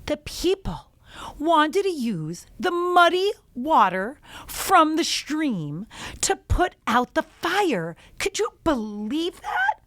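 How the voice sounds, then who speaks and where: An earnest, self-assured male village mayor in a children's story explains himself. A woman plays him with a high voice and an unhurried pace. The delivery is close and dry. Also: sing-song, fairly bright tone, no room sound, heavily acted. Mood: proud.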